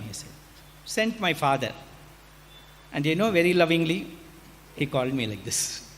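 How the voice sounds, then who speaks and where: A man's voice: sits high, normal speed, long pauses. A man, giving a humorous, anecdotal address and acting out bits of dialogue. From India. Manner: animated, humorous, acts out dialogue. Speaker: hostel warden giving an address. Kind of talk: anecdotal storytelling speech. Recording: hall reverb with faint background noise.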